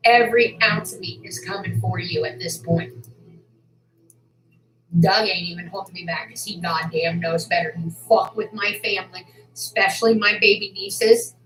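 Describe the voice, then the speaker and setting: A woman on a livestream, furious and profane, who swings between shouting and a low, seething voice. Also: reverberant, low-quality recording. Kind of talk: angry livestream rant.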